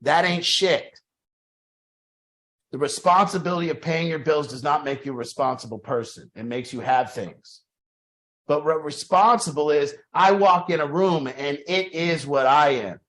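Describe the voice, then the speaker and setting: A man's voice: on the high side, moderate pace, a bit bright. Man giving an emphatic group talk. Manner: emphatic, repetitive, with restarts and occasional swearing. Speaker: group leader.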